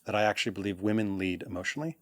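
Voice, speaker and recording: Low-voiced man, dry close sound. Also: rapid-fire, no room sound. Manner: animated, acts out quoted reactions. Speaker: podcast guest, coach. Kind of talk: casual conversational interview.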